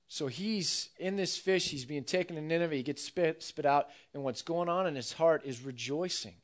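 Man, pastor, sermon, animated storytelling, fairly high pitch. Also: normal speed, hardly any pauses. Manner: animated storytelling preacher, acts out quotes.

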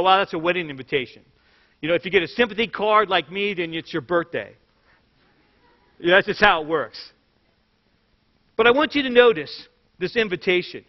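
A man preaching a sermon as pastor, telling stories with jokes in an animated way. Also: high voice. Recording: echoey hall, dull lo-fi sound.

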